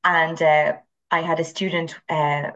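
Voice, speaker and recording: A woman with an Irish accent, a teacher speaking as an interview guest and telling animated stories from her classes. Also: low voice, unhurried. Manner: animated storyteller, acts out voices. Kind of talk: conversational interview.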